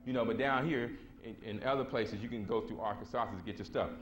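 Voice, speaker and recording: Speaking fast in a lowish voice, a man gives a casual storytelling lecture before a conference hall audience, with a little hiss or hum on the recording. He's blunt and slangy, hammers his points, and performs the voices he quotes.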